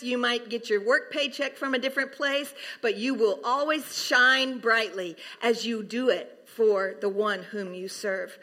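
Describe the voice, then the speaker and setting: Animated, bright-voiced woman preaching. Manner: animated, swings from soft hushed tones to high laughing bursts. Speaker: pastor's wife preaching. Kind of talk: sermon.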